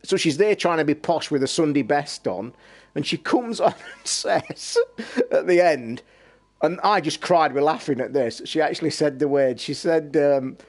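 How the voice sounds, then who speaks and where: Casting: man with an East Midlands Derbyshire accent, fairly high voice, loose sweary storyteller hosting a chatty live stream. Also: moderate pace. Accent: East Midlands English (Derbyshire). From Derbyshire, England. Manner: sweary, rambling storyteller who laughs a lot. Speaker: livestream host. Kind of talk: casual chat with stream viewers.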